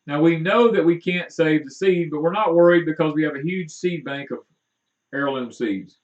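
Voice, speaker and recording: A man rambles in a folksy way through gardening talk on a homestead live stream, stumbling over fillers as he goes. His voice sits a little high for a man. He is picked up from a distance, and the sound is dull and muffled. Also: moderate pace. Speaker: homestead livestream co-host. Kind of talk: casual live-stream chat.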